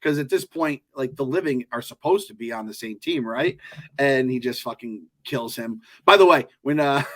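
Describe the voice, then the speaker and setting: A man co-hosting a podcast, chatting casually in an animated, joking way with lots of swearing. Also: mid-range voice, normal speed. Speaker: podcast co-host. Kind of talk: casual chat.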